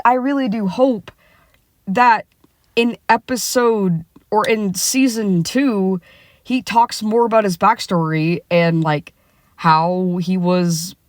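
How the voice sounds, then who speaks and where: Young woman, casual rant from a parked car; unhurried, profane, full of "like" and restarts. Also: mid-range voice, no echo, clean studio sound. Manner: heated, swearing, lots of fillers and restarts. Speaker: vlogger. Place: sitting in a car.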